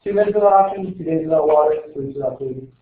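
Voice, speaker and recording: A man's voice: on the high side, racing. A male teacher running a casual exam review, joking and quizzing his students as he rambles. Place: classroom. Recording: echoey classroom on tinny lo-fi audio.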